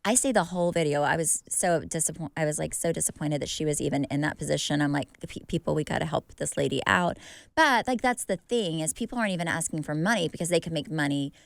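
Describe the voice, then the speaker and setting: A woman in her thirties co-hosts a podcast and chats casually, rambling in long runs with frequent restarts. Her voice is smooth and clear, set a little low, and it sounds close and dry with no room echo. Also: quick pace, few pauses. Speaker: podcast co-host. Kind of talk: casual chat.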